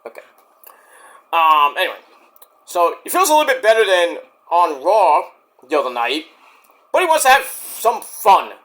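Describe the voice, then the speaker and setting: A man recapping a wrestling show in a casual, rambling vlog, cracking crude jokes and doing quick impressions. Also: high voice, very animated, bright, forceful tone.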